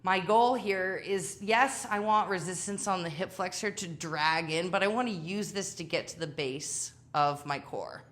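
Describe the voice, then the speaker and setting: A woman's voice: fairly low pitch, measured pace, hardly any pauses, a bit bright. A woman leading a home workout class, chatty and self-deprecating, tired from exercising as she talks. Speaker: fitness instructor. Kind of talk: live workout coaching.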